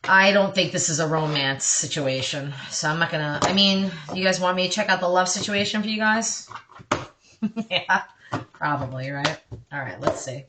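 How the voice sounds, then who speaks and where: A woman's voice: on the low side, normal speed, noisy background. A woman doing a casual tarot reading for her viewers, chatty and reassuring, breaking off often for apologetic asides. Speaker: tarot card reader.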